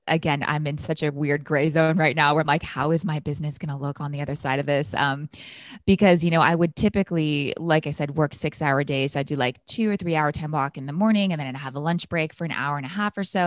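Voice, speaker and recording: A woman's voice: sits low, no echo, clean studio sound. A woman, a business coach, chatting casually as a podcast guest and listing her daily routine with enthusiasm. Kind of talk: casual chat.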